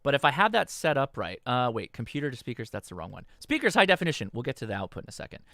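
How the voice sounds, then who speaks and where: A man talking through a radio software setup on a livestream, patient and instructional, often pausing to ask "okay?". His voice sits at an ordinary pitch and sounds dry and close, with no room echo. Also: sing-song, vocal fry. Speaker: host. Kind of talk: livestream tutorial. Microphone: desk microphone.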